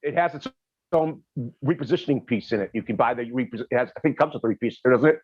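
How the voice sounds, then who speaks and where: A man's voice: mid-range voice, fast, breathy edge, dry recording, lo-fi sound. A man in a casual group chat who talks hesitantly and restarts his sentences often.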